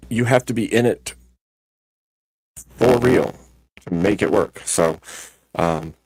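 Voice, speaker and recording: A man's voice: low-pitched, a little mellow, no echo. A middle-aged man hosting a live stream, giving his frank, blunt opinions in casual chat. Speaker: stream host.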